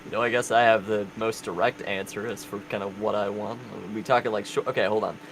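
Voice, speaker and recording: A man playing a tabletop game, talking in character in a casual, animated way and laughing often. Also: fairly low pitch, fast talker, slight background noise, rough recording. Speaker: player. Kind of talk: in-character tabletop role-play.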